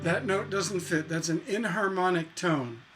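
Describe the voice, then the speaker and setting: Slow-talking man teaching songwriting over guitar. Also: sits high. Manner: relaxed and chatty, playing guitar and humming melodies as he explains. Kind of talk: casual music lesson with guitar. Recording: guitar playing behind the voice. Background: acoustic guitar.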